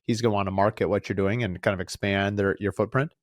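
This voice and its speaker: A man hosting an interview podcast, asking careful follow-up questions that dig into the details. His voice sits on the lower side and comes through dry and close, with no room sound around it. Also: steady tone, quick pace, no room sound. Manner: thoughtful, probing follow-up questions. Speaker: podcast host.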